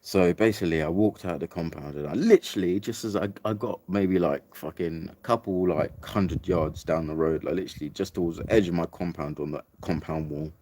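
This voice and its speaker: A man's voice: low-pitched, fairly quick, hardly any pauses, darkish tone. A young English man casually telling a rambling, sweary story about a trip, full of "like" and "mate". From England. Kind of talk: casual anecdote.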